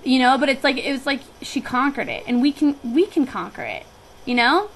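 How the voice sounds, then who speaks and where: A woman's voice: high-pitched, lively intonation, brisk, vocal fry, a bit bright, a little hiss or hum, low-quality recording. A young woman who works on a guest ranch, telling a personal story in a chatty, reflective way with frequent restarts.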